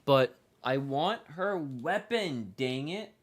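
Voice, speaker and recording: A man's voice: a little high, expressive, slow pace. A man giving casual, rambling commentary as he plays a video game, repeating himself and swearing now and then. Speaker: gaming streamer.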